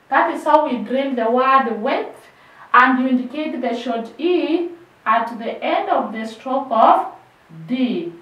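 A woman with a Kenyan accent teaching a shorthand lesson, repeating each drilled word several times and trailing off softer. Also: high voice, dull audio. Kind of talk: classroom lesson, slow drilled repetition. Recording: very echoey room, voice from far off.

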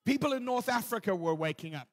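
A man's voice: high voice, quick pace, dry recording. A male pastor preaching a sermon, telling stories with humor and acting out scenes. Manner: animated storytelling, acting out scenes; warm humor, laughing at own stories.

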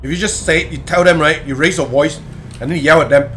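Man, game streamer, bright forceful voice, slightly high, casual swearing banter. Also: quick pace, a little hiss or hum. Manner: loose, swearing, laughing banter with chat. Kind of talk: casual live-stream chat while gaming.

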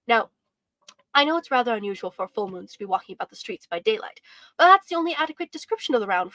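A woman teacher reads a storybook aloud with an expressive, measured delivery. Her voice sits fairly high. The recording is close and dry. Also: dry recording. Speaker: homeschool teacher.

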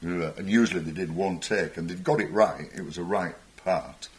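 Deep-voiced older man telling stories. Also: moderate pace, slight background noise. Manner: rambling, chuckling, acts out voices in stories. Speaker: guest musician interviewed on stage. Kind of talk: anecdotal storytelling.

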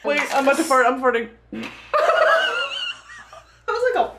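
A woman's voice: sits high, sing-song, normal speed. A young woman in her twenties making a casual, chaotic comedy vlog, blurting absurd jokes and giggling. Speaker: comedic content creator. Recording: noisy phone-camera vlog audio.

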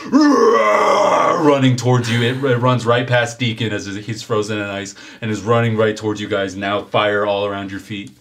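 A man with a slightly low voice runs a tabletop game as game master. He narrates the action energetically, with plenty of fillers. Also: normal speed, hardly any pauses. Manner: energetic, descriptive, many fillers.

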